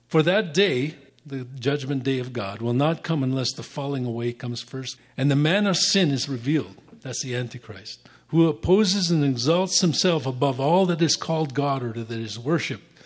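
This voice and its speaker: A man teaching the Bible, reading scripture aloud and explaining it, his voice sinking quieter at the ends of phrases. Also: fairly high pitch.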